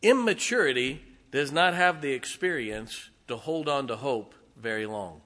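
A middle-aged man preaching a sermon, telling folksy stories and swinging from hushed asides to loud, emphatic lines. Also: mid-range voice, animated, a little slow, hardly any pauses. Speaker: pastor.

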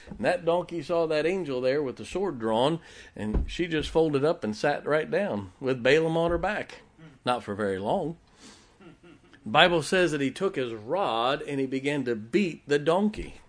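A man preaching a sermon, retelling a Bible story in a folksy way and chuckling often as he goes. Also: on the high side.

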